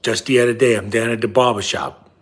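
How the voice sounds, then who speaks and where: A comedian delivers a character monologue as a nagging, middle-aged bus-driving father who scolds his son again and again, repeating himself and sometimes dropping to a hushed whisper. His voice is medium-pitched and steady, with a breathy edge, and he talks fast in a lightly acted way.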